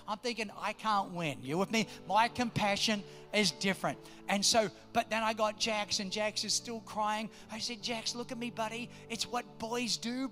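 A man, preaching a sermon, telling family stories and then building to loud exhortations. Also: sits high. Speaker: pastor.

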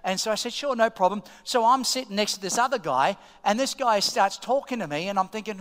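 Man, Australian accent, middle-aged, pastor preaching a sermon, very high voice, animated storyteller, long church-hall reverb. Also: fairly quick, few pauses. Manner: animated storyteller, swings from hushed asides to loud excited peaks. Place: church auditorium.

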